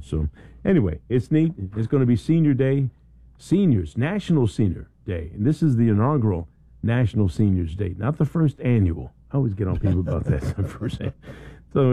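A low-voiced man hosts a talk radio show from the studio, loosely chatting and reading out event announcements. He rambles, restarts, says "you know" a lot, and breaks into excited shouts, in a dry recording.

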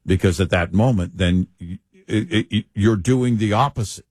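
A man co-hosting a talk show, speaking in a measured, deliberate way with hesitant restarts. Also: on the low side, darkish tone, no room sound. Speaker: co-host. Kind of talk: opinionated talk-show banter.

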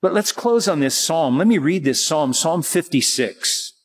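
A man's voice: on the high side, expressive, measured pace, husky, in a large hall. A man preaching a sermon in a conversational way, often restarting his sentences. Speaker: pastor.

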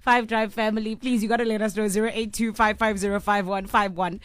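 A woman co-hosting a drive-time radio show, playful and quick with reactions. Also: medium pitch, steady tone, clear, resonant tone, dry recording. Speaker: radio co-host. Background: music bed.

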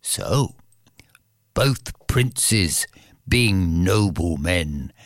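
A storyteller telling a folktale aloud with a rhythmic, repetitive delivery and dramatic pauses. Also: sits low, expressive, dry recording, clean studio sound.

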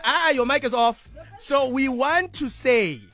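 Man, radio host, high voice, bright tone, faint music behind. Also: measured pace. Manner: playful, teasing, loud and excitable. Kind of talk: energetic radio banter.

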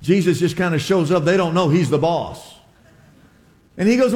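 A man's voice: high-pitched, moderate pace. A man preaching a sermon to his congregation, telling a scripture story with stammered restarts and asides to the listeners. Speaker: pastor. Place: church sanctuary. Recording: long reverb of a large church hall.

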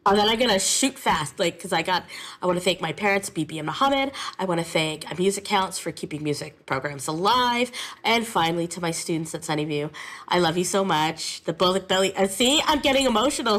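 A woman who teaches music, talking in an interview in a lively, emotional, chatty way. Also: on the low side. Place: classroom.

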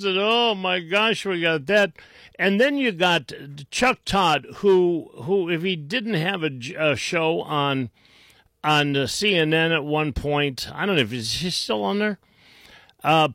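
A man's voice: on the high side, a bit bright, no echo, clean studio sound. A man hosting a talk radio show, mocking and sarcastic, often restarting his sentences. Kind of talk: combative talk radio commentary.

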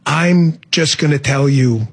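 Male talk host, high husky voice, very lively delivery, sarcastic storyteller. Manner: sarcastic, storytelling, quick asides. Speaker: radio talk show host. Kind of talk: animated radio monologue.

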